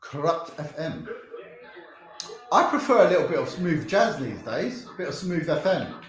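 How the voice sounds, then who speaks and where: A man's voice: fairly high pitch, very animated, moderate pace, reverberant, soft background music. A young man with a London accent hosting a charity livestream, chatting casually as he reads out comments, rambling, repeating himself and laughing often. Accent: London English.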